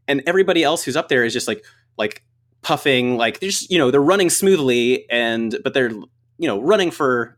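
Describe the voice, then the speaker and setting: A man in casual chat, telling a lively story with lots of filler words and frequent laughs. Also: medium pitch. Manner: rambling, filler-heavy, laughs often.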